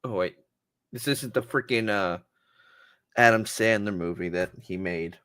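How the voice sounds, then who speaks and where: A man co-hosting a wrestling podcast in casual chat, excitable and often stammering through restarts. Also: fairly low pitch, a little slow, clean tone, dry recording, studio quality. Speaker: podcast co-host.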